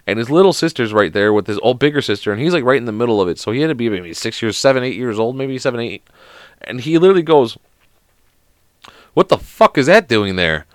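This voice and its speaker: A man's voice: medium pitch, a bit bright, no echo, studio quality. A young man who is sick hosts a podcast alone in casual chat. He swears constantly and rambles through anecdotes. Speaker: podcast host.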